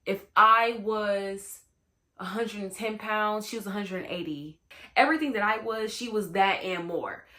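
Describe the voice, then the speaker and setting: Young woman hosting a storytime vlog; chatty, slangy, bright tone. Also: mid-range voice, a little slow. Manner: chatty, slangy, lots of "you know what I'm saying". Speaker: storytime host. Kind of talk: casual storytime chat.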